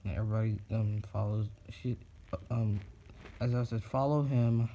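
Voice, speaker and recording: A man's voice: lowish voice, fairly even intonation, normal speed, mellow, a little hiss or hum. A thirteen-year-old boy retelling a fan story casually, rambling with lots of ums and restarts.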